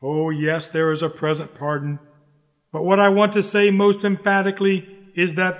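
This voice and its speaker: High-voiced man preaching in a reverberant hall. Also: little pitch movement, moderate pace. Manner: earnest, emphatic pleading with repeated phrases. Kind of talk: sermon.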